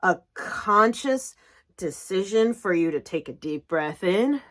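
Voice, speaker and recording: Slow-talking woman coaching with animated emphasis. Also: mid-range voice. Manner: animated, emphatic, punctuates with "right?". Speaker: executive coach and reiki teacher. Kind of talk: spiritual business coaching talk.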